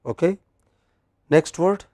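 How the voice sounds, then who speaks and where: A man's voice: a little high, takes it slowly, dark tone. A man with an Indian English accent teaching English word stress in a classroom lecture, quizzing his students.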